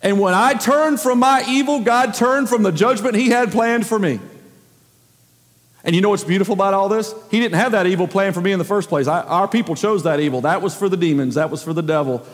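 A man's voice: high-pitched, brisk. A man preaching a sermon as the pastor, emphatic and full of rhetorical questions. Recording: long reverb of a large hall.

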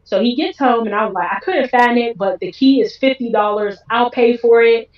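A woman's voice: a little high, normal speed. A woman guest on an interview show, telling her personal story with feeling and acting out what others said. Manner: emotional, acts out quoted dialogue. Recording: roomy, distant, dull sound.

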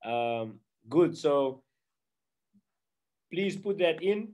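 A man's voice: a little high, animated, drawn-out words, darkish tone. A man with a South African English accent, presenting chattily and upbeat to a church group on a video call. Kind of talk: casual online meeting presentation.

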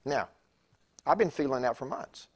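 Husky-voiced man preaching conversationally. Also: mid-range voice, animated, moderate pace. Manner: chatty, digressive, with stammered restarts. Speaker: guest preacher. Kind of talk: conversational sermon storytelling. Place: church sanctuary.

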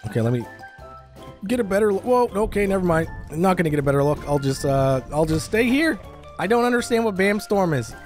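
Man, gaming commentary, high voice, very lively pitch, excitable, faint music behind. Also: brisk. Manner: excitable, lots of startled exclamations. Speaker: gaming YouTuber. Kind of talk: let's-play commentary with narration.

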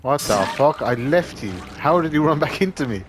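Excitable swearing gamer guy, lively pitch. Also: moderate pace, noisy background. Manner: excitable, swears a lot, panicky outbursts. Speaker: gamer making funny-moments videos. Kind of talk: casual gameplay commentary.

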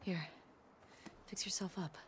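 A woman's voice: lowish voice, steady tone, unhurried, slightly rough. An actress voicing a tough young woman survivor in a video game, making terse tactical remarks. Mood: calm.

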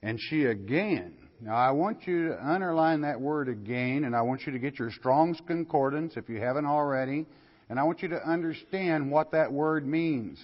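Older man, pastor, folksy Bible lecture, husky, long hall reverb. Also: a little high, moderate pace. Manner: folksy, questioning the listeners and reading scripture aloud. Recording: lo-fi recording in a hall.

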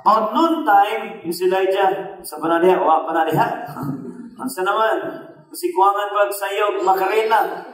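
A man with a Cebuano Filipino accent preaching a sermon, mixing English and Cebuano and telling a story with lively asides to the congregation. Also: sits high, moderate pace. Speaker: pastor. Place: church service in a hall. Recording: echoey hall from a distant mic.

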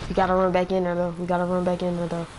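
Excitable slangy male gamer. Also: sits high, racing, a little hiss or hum. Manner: excitable slangy trash talk, repeats phrases. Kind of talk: live gameplay commentary.

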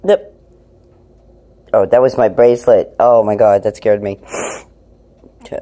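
Low-voiced woman cooing at her cat. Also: fairly even intonation, a little slow, mellow. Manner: swings between low murmurs and cooing talk to her cat. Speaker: vlogger. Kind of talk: casual night-time video diary. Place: her apartment at night.

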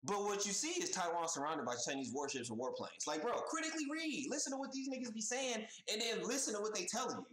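A man reacting to a news clip in loose, profane street slang, hammering his points again and again. His voice sits fairly high and leaps around with lively swings. The sound bounces in an echoey room. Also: fast talker, hardly any pauses. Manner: animated, profane, street slang, repeats himself. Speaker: reaction video host. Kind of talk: casual reaction commentary. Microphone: headphones on, desk mic.

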